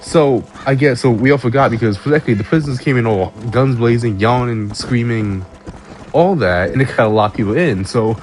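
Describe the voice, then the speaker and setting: A man's voice: mid-range voice, fairly quick, faint music behind. A man ranting casually to camera, stammering and swearing, often breaking into laughs. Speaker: vlogger. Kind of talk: casual rant.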